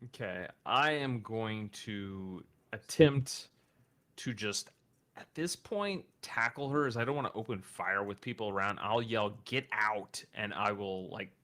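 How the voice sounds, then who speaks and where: A man playing a tabletop game, plainly and deliberately stating his character's actions. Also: fairly low pitch, lively intonation, fairly bright tone. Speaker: player. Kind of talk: casual tabletop play.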